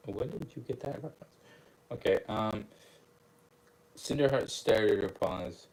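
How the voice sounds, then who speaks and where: A man's voice: fairly low pitch, moderate pace, vocal fry, pauses often, darkish tone, rough recording. A young man casually reading a book aloud with commentary, stumbling over words, correcting himself and laughing at his own slips. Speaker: channel host reading aloud.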